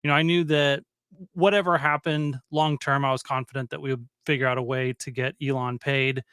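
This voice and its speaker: A man's voice: mid-range voice, level tone, a little fast, a bit bright, smooth, no room sound, clean studio sound. A man speaking as a guest on a live stream, confident and blunt in his opinions. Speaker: guest commentator. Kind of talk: casual live stream chat.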